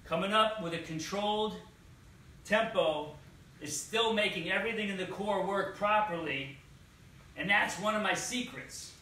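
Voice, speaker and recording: Male fitness coach, deliberate exercise cues, recorded far from the mic in a very echoey studio. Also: high-pitched, bright, forceful tone, a little hiss or hum. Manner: slow, deliberate cueing. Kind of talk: exercise demonstration. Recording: echoey room, distant mic.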